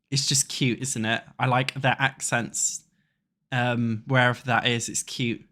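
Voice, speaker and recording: A man's voice: medium pitch, little pitch movement, moderate pace, pushed and bright. A young British man talks casually over his gameplay and thinks aloud as he builds. He rambles, swears freely and chats loosely with his viewers. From England. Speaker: gaming YouTuber. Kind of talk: casual chat while playing a building game.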